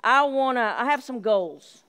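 A woman's voice: fairly high pitch, animated, a little slow, fairly bright tone, clear, resonant tone. A middle-aged woman giving an informal, chatty Bible teaching, self-deprecating and acting out little dialogues.

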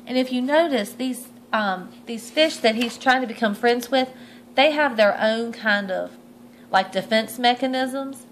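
A woman's voice: fairly high pitch, measured pace, a little hiss or hum, low-quality recording. A woman reading a children's picture book aloud, stopping to point at the pictures and ask the listeners questions. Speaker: storyteller.

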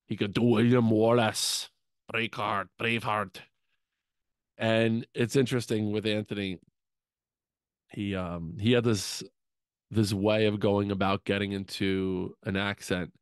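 A man with a lowish voice shares affectionate, humorous memories as a eulogy on his podcast. He speaks into a studio mic, and the sound is close and dry with no room echo. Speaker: podcast co-host. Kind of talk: eulogy told as personal stories.

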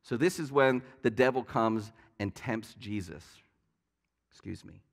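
A man's voice: fairly low pitch, a little slow, gravelly, big-room sound. A man preaching a sermon as pastor, telling stories in a conversational way with light asides. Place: church sanctuary.

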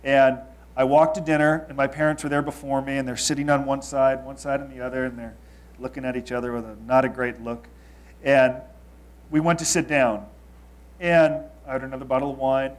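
A man in his thirties from Los Angeles, telling a confessional story to an audience. He swings between loud emphasis and quiet asides. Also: mid-range voice, steady tone, fairly quick. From Los Angeles, United States. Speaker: speaker.

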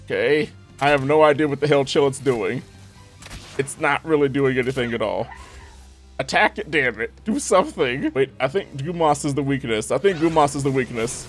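A young man giving lively gameplay commentary, talking to the game characters with frequent exclamations. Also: medium pitch, normal speed, faint music behind. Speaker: gaming YouTuber.

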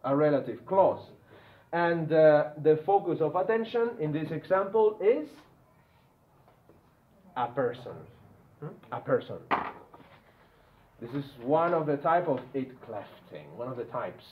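A man's voice: fairly high pitch, expressive, measured pace, pauses often. A man teaching an English grammar lesson, repeating key points and often checking whether students follow. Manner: repetitive, checks understanding often. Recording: tinny phone-like audio with faint noise.

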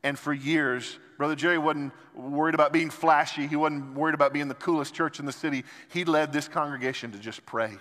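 Male pastor preaching in a big church, fairly high voice, long hall reverb, passionate delivery swinging soft to loud. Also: steady tone, a little fast, few pauses. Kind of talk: sermon. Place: large church sanctuary.

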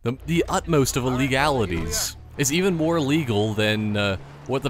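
A man's voice: medium pitch, lively intonation, normal speed, hardly any pauses, a bit bright, slight background noise. A man giving casual let's-play commentary, rambling and joking through tangents. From Canada. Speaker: gameplay commentator.

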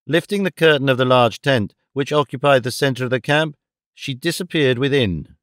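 A man narrating a horror audiobook in steady, even storytelling. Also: mid-range voice, moderate pace, no echo, studio quality. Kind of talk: scripted narration.

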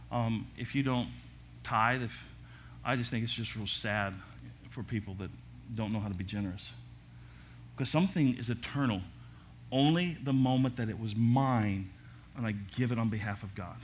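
Older male pastor preaching lively. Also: mid-range voice, a little hiss or hum. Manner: lively preaching with jokes and asides. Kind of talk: sermon. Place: church service.

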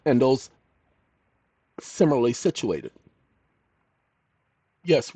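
A man hosting his own channel, talking straight to viewers in an emphatic monologue that swings between loud and hushed. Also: mid-range voice, no room sound. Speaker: channel host. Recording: dull lo-fi, dry sound.

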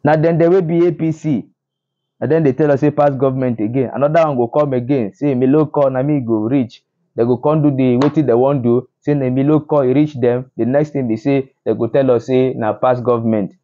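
A man's voice: medium pitch, fairly even intonation, a little fast, mellow, dull audio. Indignant Nigerian Pidgin-speaking man. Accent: Nigerian Pidgin English. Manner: indignant, repetitive, stumbling restarts. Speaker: news commentator. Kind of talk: social media news commentary.

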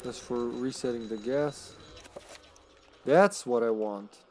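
A man's voice: mid-range voice, takes it slowly, a little mellow, a little hiss or hum. A man casually commenting on his live gameplay, laughing often, taunting enemies and slipping into a put-on Austrian action-hero accent. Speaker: streamer.

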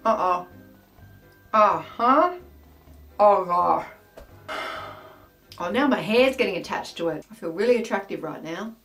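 A woman's voice: medium pitch, lively intonation, measured pace, long pauses, a bit bright, faint music behind. A woman with an Australian accent, hosting a casual taste-test vlog in a chatty, self-mocking, exclamatory way. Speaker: food taste-test vlogger.

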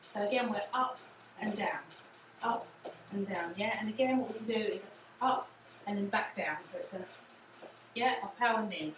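Leading a low impact cardio workout, an English-accented instructor speaks at a normal speed but pauses often, cheering people on with repeated calls of "again" and "yeah." She sometimes sounds out of breath. The mic is distant, the room echoes, and music plays throughout.

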